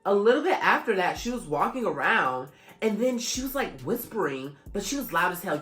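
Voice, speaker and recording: A young woman vlogger from Florida answering questions in a blunt, profane, animated way. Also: medium pitch, normal speed. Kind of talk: casual Q&A vlog. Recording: echoey room with faint music.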